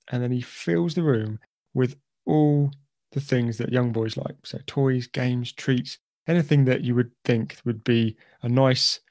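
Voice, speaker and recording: A man telling a story on a podcast, animated and acting out the voices in it. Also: mid-range voice, dry recording, clean studio sound. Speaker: podcast guest. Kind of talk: conversational storytelling.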